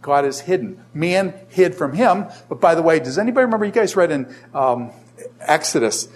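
A man's voice: fairly high pitch, animated, a little fast. A middle-aged man lecturing a class on Scripture, often throwing rhetorical questions at his students. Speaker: Bible teacher.

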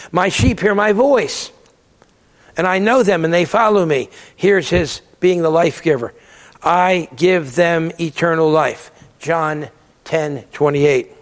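Emphatic man lecturing in an echoing hall. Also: fairly high pitch. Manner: emphatic, repeats words when stressing a point. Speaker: theology lecturer. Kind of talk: Bible lecture.

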